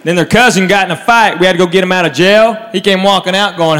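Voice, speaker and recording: A man doing a stand-up set, telling stories with animated impressions. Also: high voice, quick pace, long reverb tail. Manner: Southern storytelling, animated impressions. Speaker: stand-up comedian.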